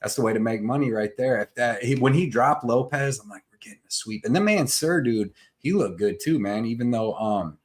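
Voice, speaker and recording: A man hosting a live betting show, chatting loosely, joking and shouting out names from the chat. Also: mid-range voice, lively intonation, fairly quick, few pauses. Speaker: podcast host.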